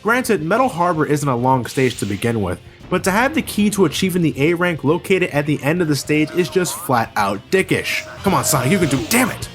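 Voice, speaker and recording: A man doing a comedic, scripted video game review voice-over, ranting with plenty of swearing and breaking into sudden exasperated shouts. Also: on the high side, very animated, normal speed, few pauses, soft background music.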